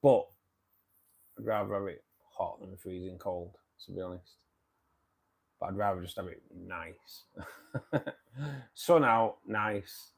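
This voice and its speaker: Livestream host, Manchester man, lowish voice, loose chatty delivery to viewers. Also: slow, vocal fry, pauses often, husky. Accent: Manchester English. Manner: chatty, reads and answers viewer comments. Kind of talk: casual livestream chat.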